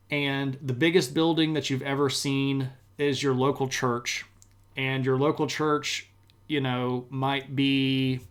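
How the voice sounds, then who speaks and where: A man's voice: mid-range voice, a bit bright. A man streaming a live history lecture, talking in a casual, enthusiastic way with plenty of slang.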